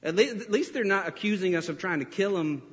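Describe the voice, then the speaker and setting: A man preaching a sermon as pastor, animated and storytelling, breaking into laughs and acting out quotes. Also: high-pitched, fairly quick. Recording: reverberant hall.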